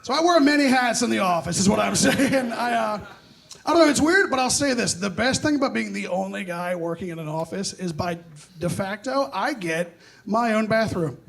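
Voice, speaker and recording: High-voiced young male stand-up comic. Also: animated, normal speed, creaky. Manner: self-deprecating, punchy, loud. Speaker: stand-up comedian. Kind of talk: stand-up set. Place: comedy club stage. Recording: live club audience laughing.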